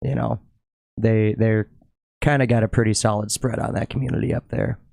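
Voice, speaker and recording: A man's voice: lowish voice, level tone, normal speed, vocal fry, darkish tone, no room sound, studio quality. A young man from Minnesota, a drummer guesting on a podcast, chatting casually and swearing often. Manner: laid-back, swears often, says yep a lot. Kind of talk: casual chat.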